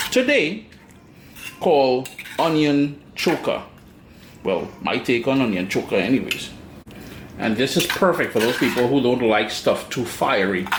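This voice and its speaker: A man's voice: medium pitch, a little hiss or hum. Chatty Caribbean man in echoey kitchen. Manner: chatty, playful asides to viewers. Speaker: cooking show host. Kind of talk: cooking demonstration. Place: home kitchen. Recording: echoey kitchen with utensil clatter. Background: clinking dishes and cutlery.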